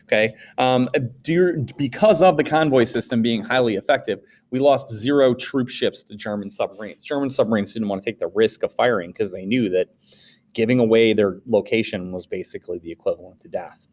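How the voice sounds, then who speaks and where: Animated man lecturing a class casually. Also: a little fast. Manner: animated, acts out quoted voices with big pitch jumps. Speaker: social studies teacher.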